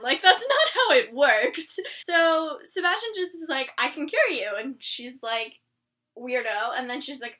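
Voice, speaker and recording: A young woman vlogger chatting casually about a TV episode, excitable and rambling, full of "like"s. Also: sits high. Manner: gushing, excitable, rambling with many "like"s. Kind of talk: casual chat.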